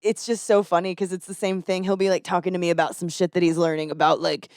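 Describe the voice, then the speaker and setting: A woman, a comedian hosting a podcast, chatting casually and reacting with quick quips and frequent laughs. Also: lowish voice, flat delivery, a little mellow, dry recording, studio quality.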